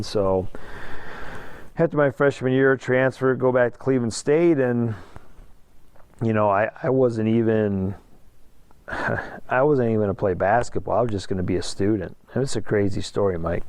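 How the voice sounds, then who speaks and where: A middle-aged high school basketball coach from Ohio tells his story as a guest in a casual interview, using lots of fillers and restarts. His male voice is fairly low and a little mellow, with no room sound.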